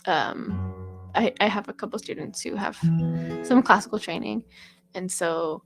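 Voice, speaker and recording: A woman's voice: mid-range voice, a little slow, creaky, over music. A woman teaching a casual voice lesson, chatty, with sung and called-out examples.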